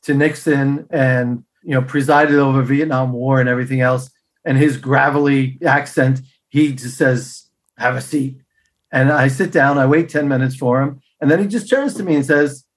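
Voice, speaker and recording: A middle-aged man, a podcast guest, telling personal stories in an animated way and acting out the dialogue. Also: mid-range voice. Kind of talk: storytelling interview answers.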